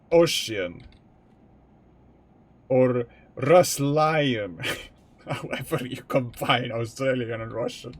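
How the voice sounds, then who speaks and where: A young man talking to his live-stream chat from a home gaming setup. He speaks slowly in a mid-pitched voice, rambling and candid, and swears freely as he thinks out loud. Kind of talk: casual live-stream chat while playing a truck game.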